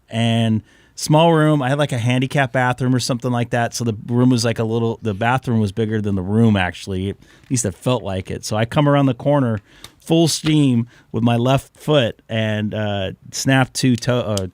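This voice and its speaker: A man hosts a ham radio live stream, chatting loosely and wandering through joking stories. His voice sits in a middle range and is worn a little hoarse. The sound is dry and close, with no room around it. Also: mid-range voice, a little mellow, no room sound. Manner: rambling, storytelling, joking. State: losing his voice. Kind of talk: casual chat.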